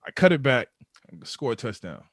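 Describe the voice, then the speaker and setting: This time the ex-football player speaks in a mid-range, sing-song voice at a moderate pace, with clean studio sound and no room echo. Guesting on a podcast, he relaxes into a story, repeating words as the tale builds.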